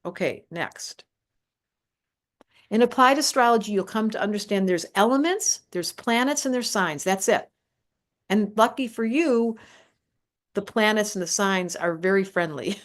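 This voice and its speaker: An older woman presenting a live online astrology class, talking emphatically and directly to her viewers. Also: mid-range voice. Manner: animated, emphatic teacher addressing viewers directly.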